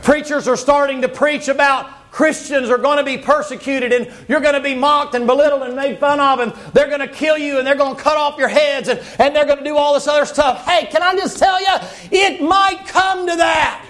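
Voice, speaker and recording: A man preaching a folksy, animated sermon and shouting at its peaks. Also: very high-pitched, a little fast, few pauses. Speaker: pastor.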